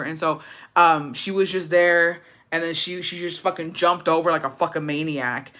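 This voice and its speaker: A young woman on a livestream telling a story in a blunt, profane, animated way, slipping Spanish phrases into her English. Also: low voice, normal speed. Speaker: livestream host. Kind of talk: casual storytime rant.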